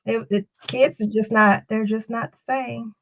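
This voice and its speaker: On a lo-fi recording, a woman with a fairly high, slightly bright voice keeps a steady tone and moderate pace. As a podcast co-host in casual storytelling chat, she rambles, repeating herself and starting over.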